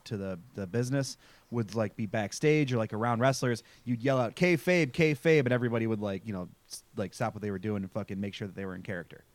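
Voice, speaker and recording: A man's voice: fairly low pitch, fast, a little mellow, no room sound. Man, podcast host, casual rambling chat, lots of fillers, dry recording. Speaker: podcast host recapping a show.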